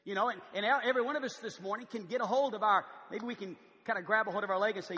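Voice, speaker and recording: A man's voice: sits high, very animated, fast talker, hardly any pauses, sharp tone, long reverb tail. A man preaching a sermon in a large church, conversational, with frequent stammered restarts. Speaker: pastor.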